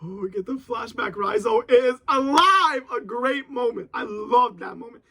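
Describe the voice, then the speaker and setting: Hyped guy reacting live to a comic chapter, swears a lot, bright voice. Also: very high-pitched, moderate pace, gravelly, slightly rough. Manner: excitable, swearing, exclaiming. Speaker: manga reactor.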